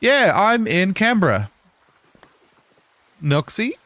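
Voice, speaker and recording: A man's voice: high-pitched, sing-song, slow pace, fairly bright tone, no echo. Chatty English-Australian man streaming games. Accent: English mixed with Australian. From England. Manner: chatty, answers viewers, laughs often. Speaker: live streamer. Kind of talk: casual live-stream chat while gaming.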